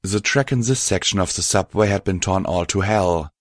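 A man narrating a story aloud in a steady, even storytelling manner. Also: low-pitched, moderate pace, no echo, studio quality. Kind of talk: scripted audiobook narration.

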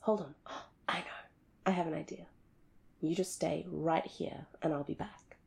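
A woman speaking to the listener as his girlfriend in an audio role-play. She talks in an unhurried, expressive way, swinging between loud and hushed. Her voice has a gravelly vocal fry and a husky edge. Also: low-pitched. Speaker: girlfriend character addressing the listener.

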